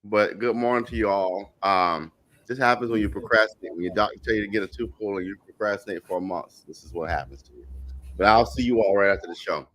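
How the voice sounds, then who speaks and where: A man's voice: lowish voice, fast talker, fairly bright tone, slight background noise. A man on a talk-show panel, joking through his toothache in casual banter. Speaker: guest panelist. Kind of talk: casual chat.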